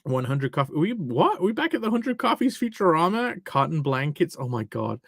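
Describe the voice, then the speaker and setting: A man rambles through a live stream, reading viewer messages and joking as he goes. His voice sits a bit high and swings a lot in pitch, with a gravelly edge. The sound is dry and close. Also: sing-song, moderate pace, a bit bright, dry recording. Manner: rambling, jokey, swears freely.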